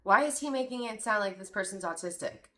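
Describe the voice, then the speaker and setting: A woman's voice: medium pitch, lively intonation, a little fast, fairly bright tone. A woman hosting a podcast, reacting to a clip with indignant, sarcastic, profane commentary. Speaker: podcast host.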